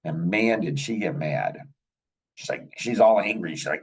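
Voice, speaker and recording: A man's voice: low-pitched, lively intonation, normal speed, husky, recorded from a distance, rough recording. An older man hosting a podcast, telling rambling anecdotes in casual chat and chuckling often. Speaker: podcast host.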